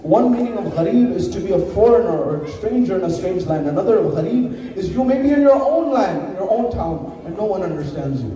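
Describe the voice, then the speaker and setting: Dark-voiced man preaching in an echoey hall. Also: high voice, expressive, a little fast, hardly any pauses. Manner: storytelling with repeated phrases. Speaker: majlis speaker. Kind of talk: Muharram sermon narration. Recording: echoey hall, distant mic.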